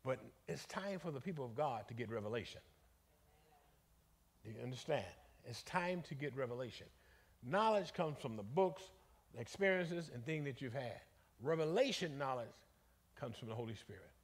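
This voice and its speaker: Bishop guy preaching bible study, voice swoops up and down, talks right to the folks. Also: mid-range voice. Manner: animated, conversational, calls out to the congregation; colloquial, folksy phrasing.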